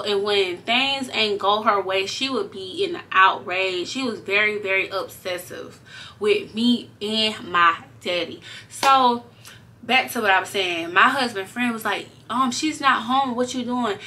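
A young woman telling a story to her viewers in a casual, animated way, swearing freely as she goes. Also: medium pitch, a little hiss or hum. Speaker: vlogger.

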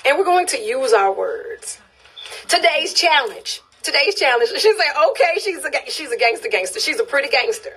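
A woman's voice: high voice, sing-song, moderate pace, a bit bright. A woman from Louisiana with a Louisiana accent hosting a casual phone live stream. She reads viewer comments, laughs often and repeats phrases for emphasis. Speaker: livestream host.

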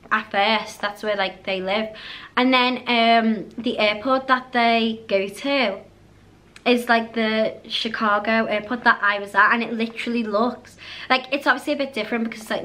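Bright-voiced chatty British woman vlogging. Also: on the high side. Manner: rambling, chatty, drifts off topic. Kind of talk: casual haul vlog chat.

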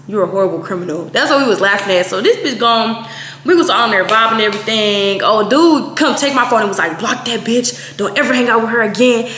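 A woman in her twenties, from Texas, telling a story in a blunt, profane, animated way, quoting people as she goes. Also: medium pitch. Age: 20s. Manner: blunt, profane, animated retelling with quoted voices. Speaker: vlogger. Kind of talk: casual storytime. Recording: echoey room, faint noise.

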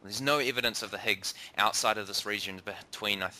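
Kiwi guy on a science podcast, low voice but really sharp and bright, keen, lots of ums and repeats. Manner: enthusiastic, halting with repeats and ums. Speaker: podcast co-host and science presenter. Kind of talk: casual science chat.

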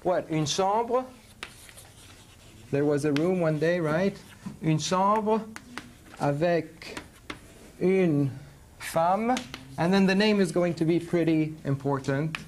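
A man's voice: a little high, takes it slowly, long pauses, darkish tone, a little hiss or hum. A man teaching a university French class, mixing English and French and checking in with his students.

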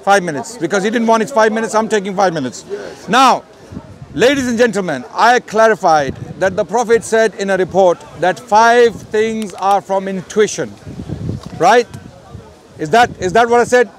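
A man debating in the street, talking loudly and insistently to the camera. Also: sits high, normal speed. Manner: emphatic, loud and insistent. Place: outdoors on a city street.

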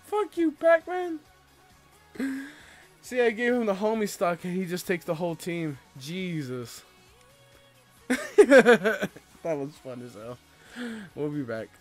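A young man giving casual gameplay commentary as a let's player, with loud excitable outbursts and a lot of laughing. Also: sits high. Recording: faint game music behind.

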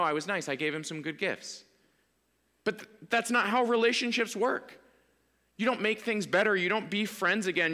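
A man preaches a sermon in a loose, conversational way, often leaning on "like" between thoughts. His voice sits fairly high and sounds bright and forceful. It is recorded in a church sanctuary with a long, lingering reverb. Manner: conversational, animated preaching with many "like" fillers. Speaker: pastor.

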